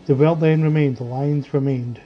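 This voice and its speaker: A man narrates a story in a measured, dramatic way, his voice sitting a little high for a man. The recording sounds muffled and lo-fi, with faint music playing underneath. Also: steady tone. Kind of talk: audiobook story reading. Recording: dull lo-fi audio with faint music.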